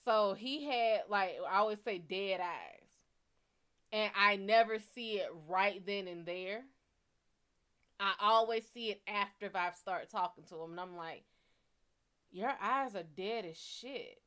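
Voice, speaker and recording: A woman talks in a smooth, clear voice at a middle pitch, telling a personal dating story in an open, unfiltered way. She swears freely and slips into quoted back-and-forth as she goes. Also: unhurried. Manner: candid, profane, animated storytelling with quoted dialogue. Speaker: psychic reader host. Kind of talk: casual storytelling.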